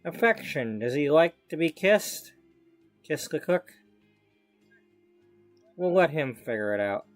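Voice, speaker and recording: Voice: medium pitch, animated, slow pace, long pauses, no room sound, soft background music. A let's-play narrator giving casual gameplay commentary, teasing a pet in playful baby talk and musing to themselves.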